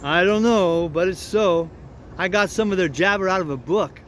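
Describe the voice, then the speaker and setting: A man's voice: high voice, moderate pace, slight background noise, lightly acted. A man reading an audiobook, voicing a clever young runaway boy who explains things patiently in plain dialect. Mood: explaining.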